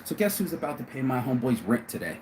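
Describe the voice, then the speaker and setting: A man's voice: medium pitch, very animated, quick pace, darkish tone, a little hiss or hum. A man from the United States talks to his camera in a profane storytelling rant, acting out what other people said to him. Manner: swears freely, acts out other people's lines. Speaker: vlogger. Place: abroad, telling a story to camera.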